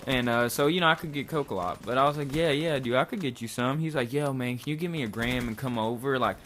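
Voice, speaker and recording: Young guy from kentucky rambling thru a story, mid pitch, lots of likes and dudes. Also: fast, fairly bright tone, a little hiss or hum. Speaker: vlogger. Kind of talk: casual storytelling.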